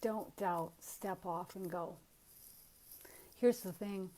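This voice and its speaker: Woman spiritual teacher, low-pitched and warm, calm and earnest, encouraging in tone. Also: slow pace.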